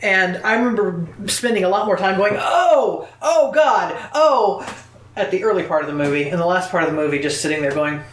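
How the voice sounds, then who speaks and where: A woman's voice: lowish voice, fast, few pauses, reverberant, a little hiss or hum. A woman in a casual film chat, telling stories with acted-out reactions and frequent laughter. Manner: expressive storyteller, acts out reactions, laughs often.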